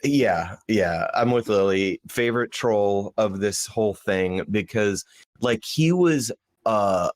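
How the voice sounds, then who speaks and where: A man's voice: lowish voice, takes it slowly, dry recording. A man co-hosting a podcast, chatting casually and rambling with frequent restarts. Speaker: podcast co-host. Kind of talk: casual chat.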